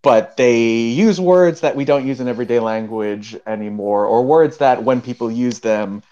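A man's voice: medium pitch, normal speed, warm tone, clear, resonant tone. A man talking casually in an online discussion, hesitant and full of restarts. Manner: hesitant, many fillers and restarts. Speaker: panel guest. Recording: dull lo-fi call audio.

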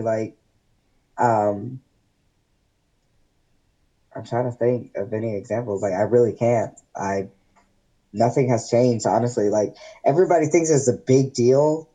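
A man's voice: mid-range voice, poor audio. A man, a podcast guest, telling stories in a casual, rambling way, full of fillers. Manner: rambling, filler-heavy, animated retelling. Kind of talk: casual storytelling chat.

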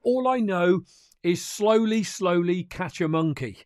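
Man, crypto news host, high-pitched, dry close sound, chatty, emphatic. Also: lively intonation, measured pace, a little mellow, no room sound. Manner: chatty, emphatic, addresses viewers directly. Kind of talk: casual livestream commentary.

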